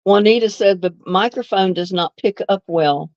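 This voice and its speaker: A woman's voice: medium pitch, normal speed, darkish tone, no room sound, dull audio. A woman hosts a casual live stream, chatting easily with viewers and laughing often. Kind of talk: casual live chat answering viewer comments.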